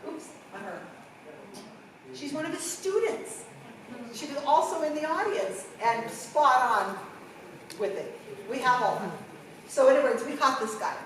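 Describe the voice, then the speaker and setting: A middle-aged woman giving a workshop talk, telling a story with lively, acted-out quotes. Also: high voice, a little slow, pauses often, slight background noise. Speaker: workshop presenter. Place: conference room. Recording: echoey room from far off.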